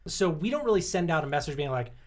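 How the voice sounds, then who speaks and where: A man's voice: fairly high pitch, big pitch swings, fast talker. A man co-hosting a casual podcast, explaining at length, laughing often and swearing casually. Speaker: podcast co-host. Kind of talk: casual chat.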